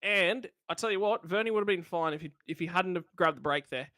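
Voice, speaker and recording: A man with an Australian accent giving live race commentary, jokey and excitable. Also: sits high, fast, no echo. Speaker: sim racing commentator.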